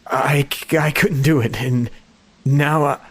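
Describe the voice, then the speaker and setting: A man's voice: mid-range voice, fairly even intonation, husky. A man playing a shaking husband turning werewolf. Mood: pained shaking. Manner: shaky, halting, stammering. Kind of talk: horror audiobook acting.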